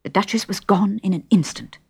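Breathy woman reading a storybook. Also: medium pitch, brisk. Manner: expressive, lively reading. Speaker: narrator. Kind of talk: storybook narration.

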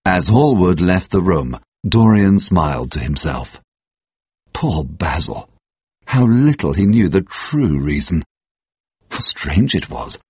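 Deep-voiced male audiobook narrator. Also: slightly rough, dry recording. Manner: measured and even storytelling.

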